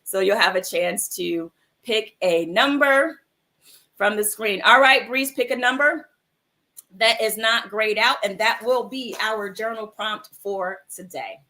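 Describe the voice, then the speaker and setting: This woman's bright, forceful, mid-range voice moves at a measured pace. On her livestream mindfulness show she chats casually with viewers in an affectionate, encouraging manner, calling them "my love" and "sis."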